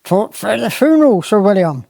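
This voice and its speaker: A performer doing a dithering Cornish gamekeeper. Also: male voice, high voice, big pitch swings, creaky, warm tone, dry recording, some chatter behind, full character voice. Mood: hesitant. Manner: hesitant, roundabout, drawn-out dialect speech. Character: slow-witted, apologetic old Cornish gamekeeper.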